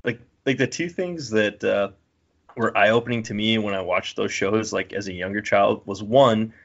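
A man's voice: lowish voice, moderate pace, vocal fry, muffled recording. Rambling storytelling man. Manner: storytelling, acts out quotes, rambling. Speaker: podcast co-host. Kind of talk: casual comedic chat.

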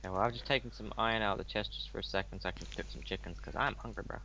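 A man's voice: on the low side, very fast, bright, forceful tone, slight background noise, poor audio. A young man chatting casually while playing a game with a friend, joking and swearing often. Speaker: co-host gamer. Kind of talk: casual gaming chat.

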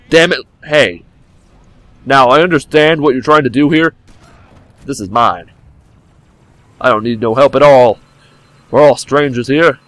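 A man's voice: mid-range voice, a bit bright, dry recording. A young man commenting on a game he is playing at home, joking and switching between mock drama and sudden yelps, sometimes leaning back from his desk microphone. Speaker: gameplay commentator. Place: home room by a game console. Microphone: desk microphone, leaning back from it now and then.

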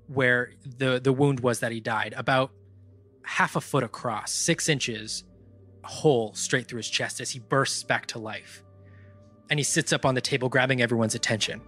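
A man narrating a tabletop game as game master, describing scenes in a measured way with fillers. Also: medium pitch, a bit bright.

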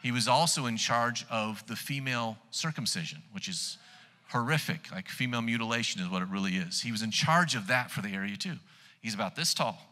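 A man preaching a sermon, telling stories in an animated way that turns loud when he gets excited. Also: lowish voice, fairly quick. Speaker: pastor. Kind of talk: sermon storytelling. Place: church hall. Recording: long church hall reverb.

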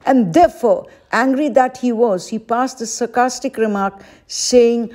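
A woman's voice: a little high, lively intonation, takes it slowly, dark tone. A woman teacher giving an exam-prep lesson, patiently repeating each question aloud as she explains it. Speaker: English teacher.

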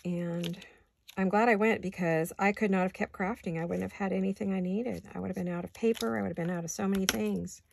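Chatty woman with a gravelly edge. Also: medium pitch, steady tone, brisk, slight background noise. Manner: chatty, thinks aloud while working, laughs often. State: hiccuping. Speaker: craft vlogger. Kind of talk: casual crafting chat. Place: home craft studio.

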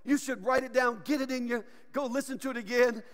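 A man preaching a sermon as pastor, animated and joking, often laughing. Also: very high-pitched, a little fast, long reverb tail. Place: church sanctuary.

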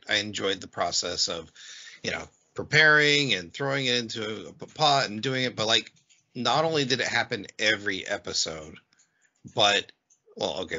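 A man's voice: fairly low pitch, bright, forceful tone, highs cut off. A man co-hosting a podcast in casual chat, opinionated and stumbling over his starts.

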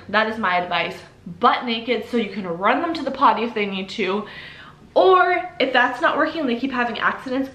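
A woman's voice: on the high side, a bit bright. A young woman vlogging casual parenting advice to camera in an upbeat, chatty way, full of "like" and "you know". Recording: echoey room.

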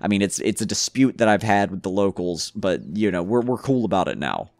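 A man's voice: lowish voice, lively intonation, fairly quick, a little mellow, no echo. A man giving casual gameplay commentary, rambling and joking to himself with frequent stumbles. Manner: rambling, jokey self-talk with stumbles. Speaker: gamer.

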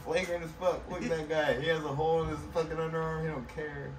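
A man's voice: fairly high pitch, level tone, quick pace. A man hosting a casual reaction chat, laid-back and swearing freely. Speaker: reaction video host. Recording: echoey room, distant mic, hiss.

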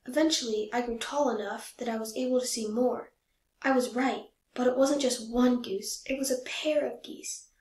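A woman's voice: fairly high pitch, steady tone, moderate pace, darkish tone. Woman reading a storybook in an echoey room. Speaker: storybook reader. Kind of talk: reading a children's picture book aloud.

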